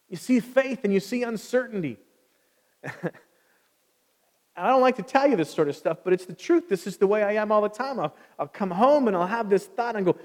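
Male pastor, sermon, conversational, asks the congregation questions, high voice, church sanctuary reverb. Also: expressive, moderate pace, pauses often. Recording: long reverb of a large hall.

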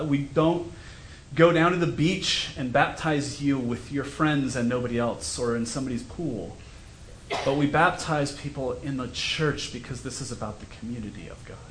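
A man's voice: mid-range voice, moderate pace, slight background noise. Man preaching in an echoey church. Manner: conversational, self-deprecating storytelling. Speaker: pastor. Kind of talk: sermon. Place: church sanctuary.

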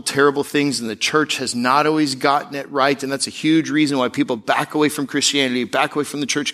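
A man pastor preaching a sermon, animated, slipping into mocking voices to make his points. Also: mid-range voice.

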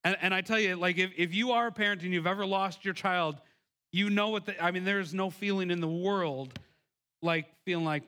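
A man's voice: high voice, fairly quick, bright, forceful tone. A man in his thirties preaching a sermon, telling a personal story earnestly with many restarts. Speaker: pastor.

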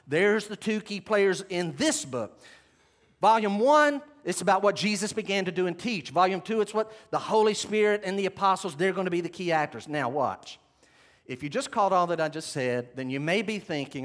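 A Bible teacher delivers a sermon in a high, fairly bright voice with lively intonation and a moderate pace. He is emphatic, stressing key words, asking the audience questions and having them take notes.

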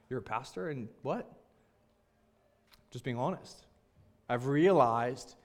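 A man's voice: mid-range voice, darkish tone. A young man, a pastor, telling a personal story in a sermon, earnest and openly emotional in a candid, conversational way.

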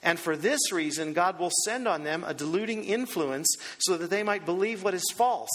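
Male pastor, high voice, emphatic sermon delivery full of rhetorical questions, heard in a big echoing hall. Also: fairly bright tone.

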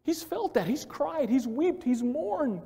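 A male pastor preaches in a church sanctuary with a high, very lively voice, building phrases through repetition. He swings from hushed passages to loud, ringing lines. His voice carries a long hall reverb. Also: slow pace, creaky. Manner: emphatic, repetitive, swells from quiet to loud. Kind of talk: sermon.

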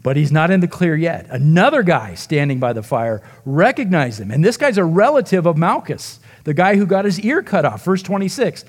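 A man preaching a sermon as pastor, retelling the story dramatically, acting out the quoted voices and dropping to a near hush at emotional moments. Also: on the high side, big pitch swings, normal speed, few pauses.

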